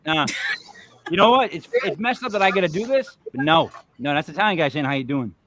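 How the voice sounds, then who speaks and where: A man's voice: high voice, lively intonation, fairly quick, fairly bright tone, slight background noise. A man hosting a casual chat about clips, joking and rambling while drinking beer. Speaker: host.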